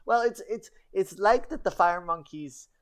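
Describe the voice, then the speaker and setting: A woman's voice: mid-range voice, a little slow. A woman streamer telling a goblin legend in rambling, broken goblin-style grammar, with chatty asides. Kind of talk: casual livestream storytelling.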